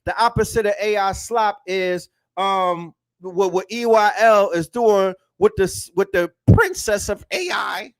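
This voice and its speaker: High pitched dude preaching about the internet, repeats himself, lots of slang. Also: male voice, expressive, measured pace, hardly any pauses. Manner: emphatic, repetitive, slangy. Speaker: host. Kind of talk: animated lecture-style talk.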